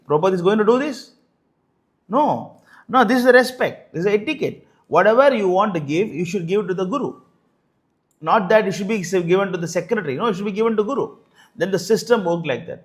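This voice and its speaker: Exasperated high-voiced man arguing points. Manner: exasperated, rhetorical, mocking the opponent. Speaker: religious commentator. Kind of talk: argumentative commentary.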